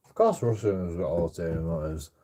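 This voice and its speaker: A man's voice: low-pitched, fairly quick, warm tone. A man rambling in casual chat as a streamer, swearing constantly and stammering through restarts.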